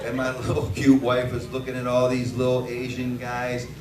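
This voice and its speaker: A man's voice: medium pitch, completely flat delivery, moderate pace. A man with a Detroit-area American accent doing a crude, swearing stand-up set in a bar, telling stories and acting out his wife's lines. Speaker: stand-up comedian. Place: bar with a live audience. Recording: echoey bar recording from far off with crowd.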